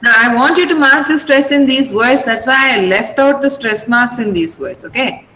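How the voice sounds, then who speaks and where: A woman's voice: on the high side, normal speed, pushed and bright, a little hiss or hum, rough recording. A woman with an Indian English accent teaching an online vocabulary class, patiently drilling word stress. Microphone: video call.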